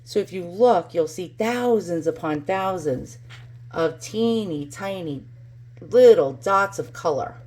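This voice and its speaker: A woman's voice: lowish voice, animated, takes it slowly, a little mellow. A woman with a New York accent casually demonstrating up close on camera and talking as she goes, often repeating words for emphasis. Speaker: antiques channel host. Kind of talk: casual show-and-tell demonstration.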